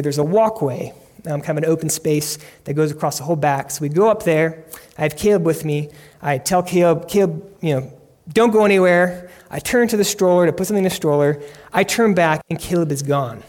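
A pastor, a man, preaching a sermon and telling stories with earnest conviction, his voice climbing into shouts when he acts out a scene. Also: on the high side.

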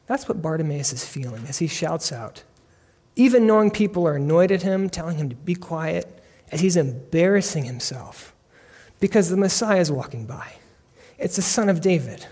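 A pastor, a man, preaching a sermon and telling stories with earnest conviction, his voice climbing into shouts when he acts out a scene. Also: a little high, lively intonation, moderate pace, slightly rough.

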